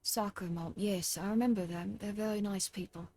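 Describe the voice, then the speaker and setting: A woman putting on the voice of a soft, upset child from Britain. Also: mid-range voice, fairly even intonation, normal speed, natural voice. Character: soft, sulky British child.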